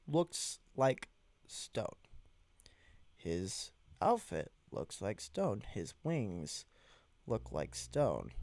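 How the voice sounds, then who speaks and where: A young man casually telling a story from his own life, halting and restarting, acting out his reactions along the way. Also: mid-range voice, vocal fry, no echo. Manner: animated, halting, with many restarts and acted-out reactions.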